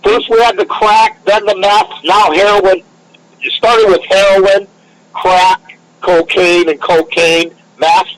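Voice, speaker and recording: A man's voice: sits high, little pitch movement, slow, slight background noise, rough recording. A man in a casual podcast chat, ranting in an emphatic, conspiratorial way.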